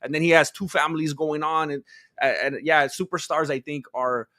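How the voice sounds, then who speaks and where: Male podcast co-host, bright and forceful voice, dry close sound, opinionated rambler. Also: fairly high pitch, fairly even intonation, normal speed, no echo. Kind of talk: casual chat.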